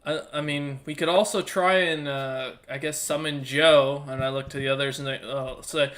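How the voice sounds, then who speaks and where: A man playing a tabletop game, his bright, forceful voice sitting a little higher than most men's. He jokes, hesitates and stacks up fillers, with faint noise behind him. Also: steady tone, normal speed, hardly any pauses. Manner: joking, hesitant, many fillers. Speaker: player. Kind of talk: casual tabletop game talk.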